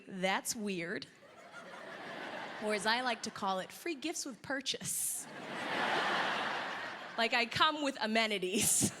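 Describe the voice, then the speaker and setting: A woman's voice: on the high side, long reverb tail. A woman comedian doing a self-deprecating stand-up set on a live stage, chatty and full of asides to the crowd. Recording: live show with loud crowd noise.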